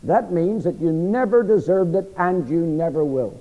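A middle-aged man preaching in a Bible class, with a frog in his throat, pausing for the congregation to finish his sentences. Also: sits high. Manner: asks the audience to fill in words. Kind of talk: sermon-style Bible teaching. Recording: lo-fi recording with long hall reverb.

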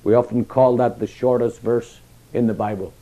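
A man preaching a sermon, passionate, with emphatic rises and hushed, quiet drops. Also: mid-range voice, little pitch movement, normal speed, highs cut off.

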